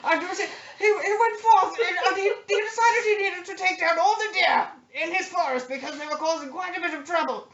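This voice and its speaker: A woman voicing a pompous, rambling old English gentleman hunter with a walrus mustache, full of blustering asides. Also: extremely high pitch, a little fast, hardly any pauses, recorded from a distance, pitched above the performer's own voice. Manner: blustering, rambling, with "you see" and "rah rah" asides. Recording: echoey room, dull lo-fi audio.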